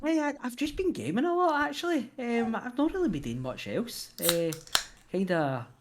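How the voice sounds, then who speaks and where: A man's voice: very high voice, big pitch swings, normal speed, background noise. Scottish man telling a casual story. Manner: storytelling, laughs easily, repeats words. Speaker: podcast co-host. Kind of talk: casual chat.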